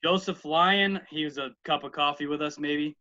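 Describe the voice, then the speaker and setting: A man's voice: on the high side, normal speed, bright, forceful tone. A man from the Chicago area, a former college outfielder, co-hosting a casual podcast chat in an earnest, grateful way. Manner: earnest, grateful, rattles off names. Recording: dull lo-fi audio.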